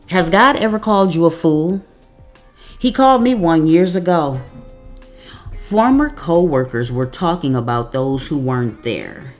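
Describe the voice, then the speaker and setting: A woman giving a devotional message, reading scripture verses slowly and deliberately. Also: sits low. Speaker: devotional speaker.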